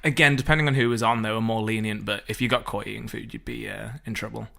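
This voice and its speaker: A man's voice: lowish voice, fairly even intonation, fast, creaky, pushed and bright. A man co-hosting a podcast, casually telling work stories and laughing often. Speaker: podcast co-host. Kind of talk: casual chat.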